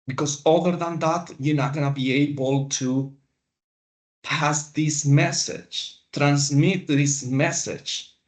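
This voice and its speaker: A man teaching a class, lecturing in a slow, deliberate way with pauses. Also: a little high, fairly even intonation. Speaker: instructor.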